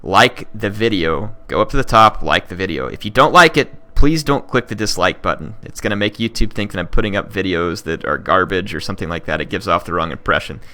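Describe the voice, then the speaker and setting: A young man narrates his strategy game turn in a deep voice with a bright, pushing edge to it. He talks casually, thinking out loud, trailing off into ums and half-finished restarts. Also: animated, brisk, hardly any pauses. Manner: thinking aloud, many fillers and restarts. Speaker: gaming channel host. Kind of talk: casual let's-play commentary.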